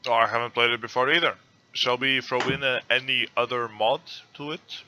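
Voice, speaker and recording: A man's voice: medium pitch, steady tone, a little fast, pushed and bright, slight background noise. A man speaking English as a non-native speaker, hosting a casual gaming chat over an online call, hesitant and thinking aloud as he reads rules. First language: not English. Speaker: host.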